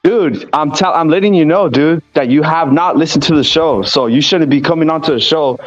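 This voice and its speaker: A man's voice: on the high side, a little fast. A man, a regular on the show, scolds a caller and keeps telling him to relax. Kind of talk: heated live-stream argument. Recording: muffled stream audio.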